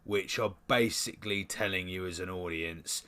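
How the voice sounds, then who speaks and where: A young British man co-hosting a podcast, ranting in animated casual chat and swearing freely. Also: low-pitched, normal speed. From United Kingdom. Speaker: podcast co-host.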